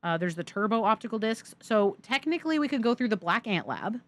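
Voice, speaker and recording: A woman's voice: mid-range voice, fairly quick. A young woman streamer giving chatty, giggly live commentary while playing a game. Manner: chatty, giggly, thanks chat excitedly.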